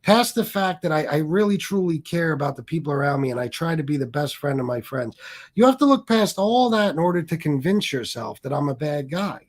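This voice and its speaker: A man's voice: fairly high pitch, animated, a little fast. Defensive, rambling middle-aged man streamer. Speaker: livestream host. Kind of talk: casual livestream monologue.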